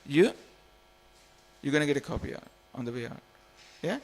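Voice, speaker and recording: His creaky, high-leaning voice is very animated and keeps a moderate pace. He's an Indian-born temple speaker in his forties running a jokey, casual scripture class in the hall, with lots of repetition and coaxing of the crowd.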